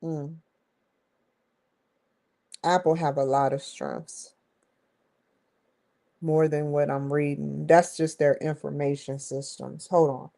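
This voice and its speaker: Slow-talking woman thinking aloud. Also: sits low, vocal fry, rough recording. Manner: mutters to herself, bursts of excited exclamations. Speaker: host. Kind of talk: casual study vlog, thinking aloud.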